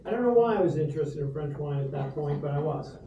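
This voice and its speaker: A man's voice: on the high side, lively intonation, quick pace, mellow, muffled recording. A middle-aged man from Rhode Island giving a humorous, rambling toast to dinner guests in a restaurant, with lots of ums. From Rhode Island, USA. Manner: humorous anecdotal storyteller, many fillers. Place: restaurant dining room. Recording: roomy echo from far off, background noise.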